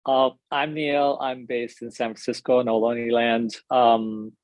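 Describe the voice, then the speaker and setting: A man from India, introducing himself haltingly on a video call. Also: medium pitch, level tone, no echo, muffled recording. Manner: halting, many fillers and restarts. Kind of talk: casual self-introduction.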